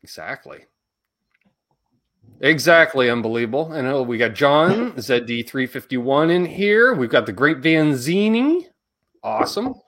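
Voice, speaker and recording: A man's voice: medium pitch, very animated, measured pace, fairly bright tone. A man hosting a casual live stream, upbeat as he reads out viewers' names from the chat. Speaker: host.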